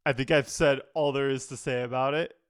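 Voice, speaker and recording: A man's voice: mid-range voice, fairly even intonation, brisk, clean tone, dry recording, clean studio sound. A man, a music producer, giving an enthusiastic, analytical reaction to an album in casual talk, often leaning on "like" as a filler.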